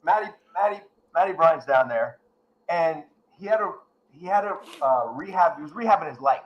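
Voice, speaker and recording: Animated New guest, high and lively voice, ranting sports talk. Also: male voice, normal speed, highs cut off. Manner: animated, rants and acts out yelling at the screen. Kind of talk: casual sports chat.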